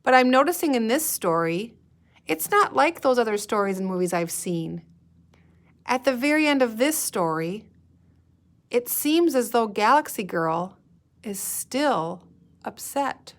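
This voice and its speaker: A woman teacher speaks at an unhurried, deliberate pace, walking young readers through new words one sound at a time. She stretches words out, repeats them and leaves pauses for the children to answer. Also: on the high side, sing-song. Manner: slow, patient, sounding out words and pausing for answers. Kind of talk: recorded guided-reading lesson for young students.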